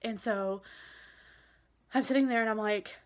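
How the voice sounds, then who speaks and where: A woman vlogger telling a personal story in a candid, halting and emotional way. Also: a little high.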